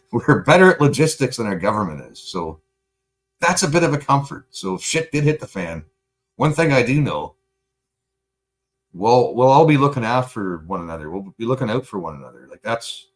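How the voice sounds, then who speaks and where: A man's voice: mid-range voice, big pitch swings, moderate pace, long pauses. A Canadian man talking casually and heatedly on a livestream, rambling with lots of swearing and fillers while answering chat. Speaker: livestream host.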